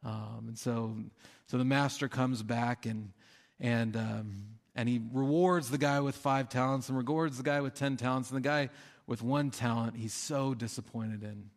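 Man, pastor, sermon, conversational, mid-pitched voice, long hall echo. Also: steady tone, normal speed. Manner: conversational, with fillers and acted-out quotes.

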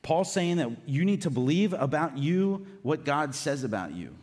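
A man's voice: on the high side, sing-song, moderate pace, a little mellow. A man preaching a sermon in an earnest, conversational way, with casual asides to the congregation. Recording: long reverb of a hall.

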